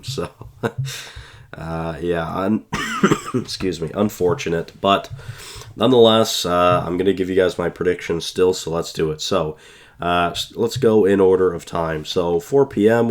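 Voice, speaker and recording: A man with a very low voice chats through his esports picks on a desk mic. He rambles casually, stumbles and corrects himself often, filling pauses with ums and uhs. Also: darkish tone. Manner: chatty, self-correcting, filler-heavy. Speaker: esports YouTuber. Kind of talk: casual prediction commentary.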